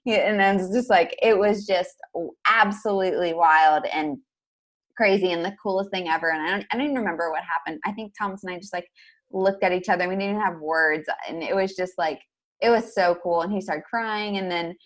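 A young woman telling a personal story as a podcast guest, chatty and full of fillers. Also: lowish voice. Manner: fast, chatty, lots of "like". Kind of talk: casual storytelling.

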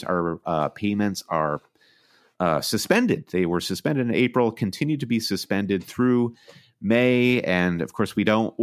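A man co-hosting a sports podcast, chatting with dry humor and reading sponsor notes. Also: deep voice. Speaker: podcast co-host. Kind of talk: casual podcast chat and sponsor reads.

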